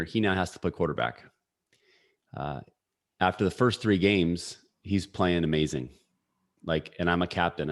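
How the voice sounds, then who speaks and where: A man in his forties telling a personal story as a podcast guest, energetic and full of fillers. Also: deep voice. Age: 40s. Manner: energetic, story-driven talk with frequent fillers. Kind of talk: casual storytelling.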